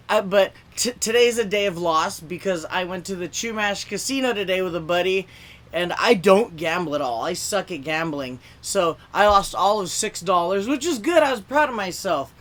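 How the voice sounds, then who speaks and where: A man's voice: high-pitched, moderate pace. A young man doing a rambling stand-up set at an online open mic, heard over a video call, with many restarts. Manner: rambling, self-interrupting, lots of "like"; acts out quoted voices, shouting and whispering. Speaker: stand-up comedian.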